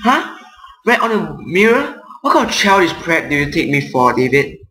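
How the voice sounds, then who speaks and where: A man's voice: on the high side, very animated, moderate pace, sharp tone. A man doing a blunt, scoffing young roommate.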